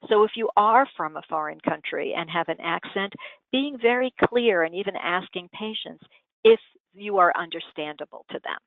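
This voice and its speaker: Woman lecturer, low-pitched, demonstrates speech habits, tinny dry phone-like recording. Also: lively intonation, normal speed, gravelly, dry recording. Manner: demonstrative, acts out vocal habits as examples. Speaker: communication lecturer. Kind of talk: lecture on voice and nonverbal communication.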